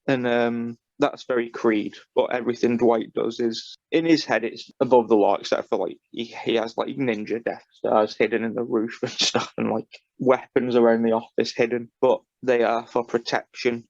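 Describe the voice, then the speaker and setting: A man with a gravelly voice talks as a podcast co-host, rambling loosely and filling gaps with many fillers. The sound is dry and a little dull, like a lo-fi home setup. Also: medium pitch, flat delivery, moderate pace, darkish tone, no room sound. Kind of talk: casual chat.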